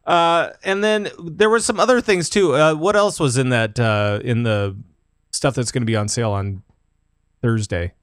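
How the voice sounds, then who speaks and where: A man's voice: medium pitch, normal speed, clear, resonant tone, no room sound, clean studio sound. A man guest on a casual podcast chat, rambling with lots of fillers and easy laughs. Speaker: guest panelist.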